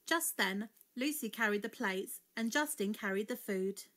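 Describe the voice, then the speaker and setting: A woman narrating a children's storybook in an expressive read-aloud style. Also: medium pitch, normal speed, hardly any pauses.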